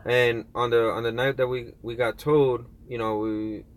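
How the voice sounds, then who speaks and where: A man who drives trucks, chatting casually in a slangy, animated way. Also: medium pitch, normal speed. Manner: slangy, animated, says bro and yo. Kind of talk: casual chat.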